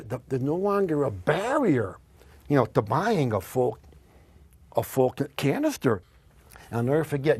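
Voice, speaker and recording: A man telling a story in an interview, acting out the dialogue with lively swings in his voice. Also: medium pitch, husky, dry recording. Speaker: guest, company executive.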